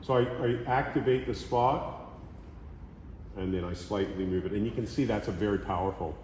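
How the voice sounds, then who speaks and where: A man teaching a hands-on massage class in a relaxed, conversational way, often checking in with his students. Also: lowish voice, normal speed, a little hiss or hum. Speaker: massage instructor. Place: training room during a course. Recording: roomy echo with long reverb.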